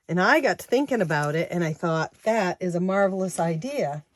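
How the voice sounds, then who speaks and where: A woman in her sixties chatting casually to her viewers, counting money out loud as she goes. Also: fairly low pitch, expressive, moderate pace. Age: 60s. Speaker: savings challenge vlogger.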